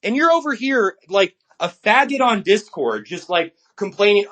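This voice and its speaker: A man's voice: high voice, lively intonation, normal speed, few pauses, a bit bright. A man co-hosting a casual podcast, ranting in a heated, blunt way.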